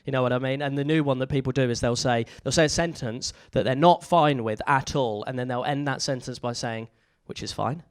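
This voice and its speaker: A man's voice: medium pitch, fairly quick, hardly any pauses, clean tone. A man with an English accent doing a live stand-up comedy set, rambling and self-deprecating, full of fillers and restarts. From England.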